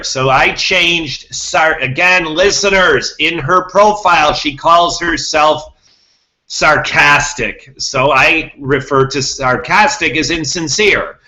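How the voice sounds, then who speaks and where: A man's voice: mid-range voice, bright, forceful tone, poor audio. A man hosting a podcast, talking to his listeners in a rambling monologue, repeating himself and restarting words. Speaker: podcast host.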